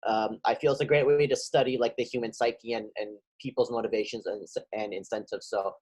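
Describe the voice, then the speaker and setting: A man from a live class explaining his view casually, with lots of ums and pauses. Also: fairly low pitch, fairly even intonation, a little mellow, husky, low-quality recording. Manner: hesitant, lots of fillers. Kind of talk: casual talk.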